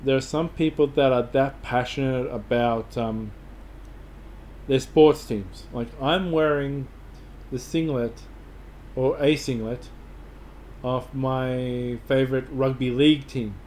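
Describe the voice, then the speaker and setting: A man's voice: medium pitch, fairly even intonation, slow, a little mellow, a little hiss or hum. An Australian man giving casual travel advice to camera, rambling and enthusiastic, with lots of fillers and restarts.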